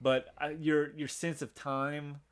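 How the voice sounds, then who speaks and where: A man's voice: a little high, little pitch movement, slow, smooth. A man in his thirties hosting a podcast in casual chat, rambling along with many restarts. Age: 30s. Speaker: podcast host.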